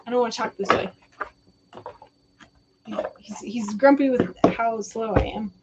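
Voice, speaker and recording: A woman's voice: fairly high pitch, unhurried, heavy background noise. Giggly young woman giving a psychic reading. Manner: chatty and giggly, quoting spirits in a casual voice. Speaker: psychic reader. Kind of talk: live-stream psychic reading.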